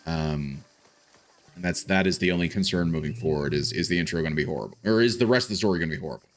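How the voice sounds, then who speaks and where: Low-voiced man rambling over gameplay. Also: fast talker. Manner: thinks aloud, rambling with frequent restarts. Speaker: gaming streamer. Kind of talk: casual live gameplay commentary.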